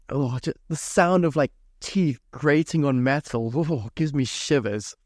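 A man's voice: fairly high pitch, moderate pace, few pauses, darkish tone, dry recording, studio quality. A young man hosting his own podcast, ranting in a casual, sweary and exasperated way. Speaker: podcast host. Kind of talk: solo casual podcast rant.

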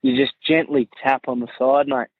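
A man's voice: medium pitch, steady tone, normal speed, no echo. Rowdy Australian man on a tinny phone message. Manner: rowdy, swearing, matey. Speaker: listener voice message. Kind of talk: casual voice message. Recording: dry tinny phone recording.

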